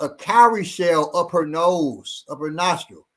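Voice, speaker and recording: This podcast co-host, who is also a self-defense trainer, has a fairly high, fairly bright voice and sounds animated yet unhurried. His talk is loose and rambling, with repeated words, occasional swearing, and easy laughter.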